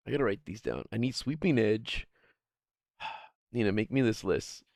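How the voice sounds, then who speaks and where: A man's voice: lowish voice, expressive, a little slow, vocal fry, a little mellow, no echo. A man streaming live, chatting casually in a rambling, profane way and laughing often as he answers chat. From Guam.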